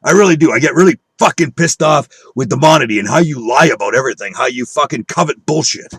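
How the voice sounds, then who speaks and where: A man's voice: mid-range voice, expressive, fast talker, a bit bright, breathy edge, no room sound. A man delivering a profane, combative rant at his viewers, scornful and preaching, with a dry close recording. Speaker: online video speaker. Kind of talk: angry conspiracy rant.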